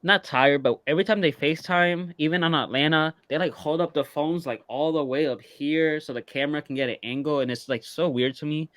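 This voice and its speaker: A man chats casually as he recaps a reality TV episode with a co-host. He talks in a loose, unhurried way, full of ums and likes. The sound is close and dry, with no room echo. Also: fairly high pitch. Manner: relaxed, hesitant, many fillers. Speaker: podcast co-host.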